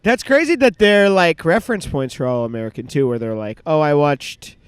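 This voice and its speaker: A young man with a high, lively and smooth voice, heard close and dry. He guests on a casual comic podcast and riffs on the host's jokes with frequent laughs. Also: a little fast, dry recording. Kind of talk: casual comedic chat. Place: park outdoors.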